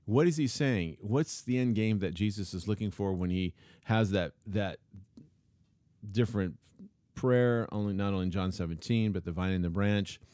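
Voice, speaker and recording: A man's voice: on the low side, moderate pace, warm tone, dry recording. A man preaching a sermon, emphatic, repeating key phrases and reading scripture aloud. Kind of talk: sermon teaching.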